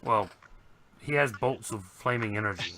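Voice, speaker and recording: A man playing a tabletop game, blunt and gruff when in character. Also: on the low side, moderate pace, over a noisy crowd. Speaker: player. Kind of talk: casual tabletop play.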